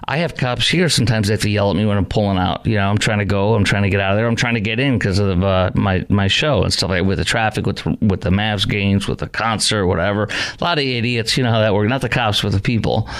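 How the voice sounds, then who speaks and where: A man's voice: on the low side, quick pace, few pauses, a bit bright. A man hosting a talk radio show, arguing with emphatic rhetorical questions into a studio microphone.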